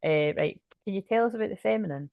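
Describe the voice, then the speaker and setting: A woman's voice: mid-range voice, fast, creaky, dry recording, phone-quality sound. A woman giving a casual tarot card reading, chatty and rambling, with restarts and swearing. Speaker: tarot reader.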